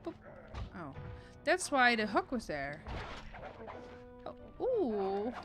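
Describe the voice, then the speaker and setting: A woman's voice: fairly high pitch, huge pitch swings, a little slow, pushed and bright, soft background music. A woman giving playful, chatty commentary while playing a game at home, swearing casually now and then. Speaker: game streamer. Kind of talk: casual let's-play commentary.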